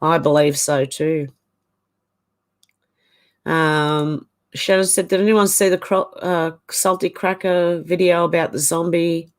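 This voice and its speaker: A woman's voice: lowish voice, fairly even intonation, takes it slowly. An Australian woman hosting a live stream from home, chatting casually and greeting viewers by name as she reads their comments. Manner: chatty, greets viewers by name with a bright lilting "how you going". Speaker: livestream host. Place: home room, indoors.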